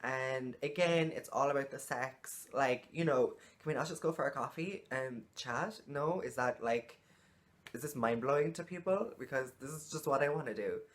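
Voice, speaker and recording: A woman's voice: very deep voice, normal speed. A woman talking frankly to camera in a casual vlog, exasperated and swearing freely. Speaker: vlogger.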